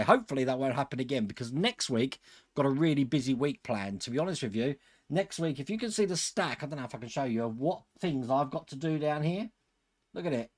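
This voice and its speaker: A man hosting a live stream, chatting casually with viewers and chuckling often. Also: medium pitch. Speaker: host of a model-building channel.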